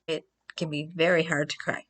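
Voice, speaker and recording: A woman's voice: sits low, little pitch movement, normal speed, fairly bright tone. A woman vlogger talking to camera in casual commentary, emphatic and prone to repeating herself for stress.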